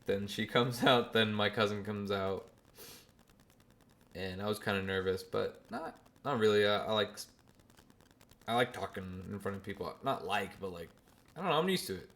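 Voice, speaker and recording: A man's voice: fairly low pitch, normal speed, long pauses. Slangy young man telling a story. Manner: animated, swears casually, slangy. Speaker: podcast host. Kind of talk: casual storytelling.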